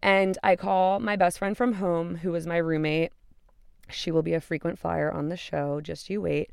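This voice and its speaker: A woman's voice: on the low side, level tone, normal speed, vocal fry, a little mellow, smooth, dry recording, studio quality. A woman in her twenties hosting a podcast, telling a personal story in a candid, casual way and swearing freely. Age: 20s. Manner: candid and profane, retelling with acted-out quotes. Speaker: podcast host.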